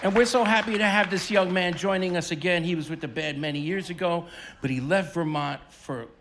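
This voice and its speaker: A man's voice: high-pitched, fairly quick, noisy background. A man emceeing his band on a festival stage, joking and teasing the crowd through a stage microphone. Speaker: bandleader and emcee. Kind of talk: live stage banter.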